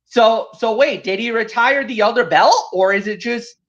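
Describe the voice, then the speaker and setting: A man's voice: extremely high pitch, fairly bright tone. Man on dull lo-fi stream audio. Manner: easygoing, agreeable, halting fillers. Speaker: podcast host. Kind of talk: casual wrestling recap chat.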